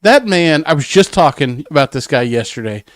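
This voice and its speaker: A man co-hosting a podcast in casual chat, chiming in with quick jokes and agreement. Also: on the high side, big pitch swings, fairly bright tone, no echo, studio quality. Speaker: podcast co-host.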